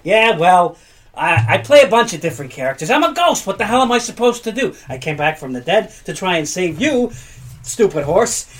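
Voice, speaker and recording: A man's voice: high voice, sing-song, brisk, a bit bright. A man playing along in an improvised comedy scene in a dry, exasperated manner. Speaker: podcast guest.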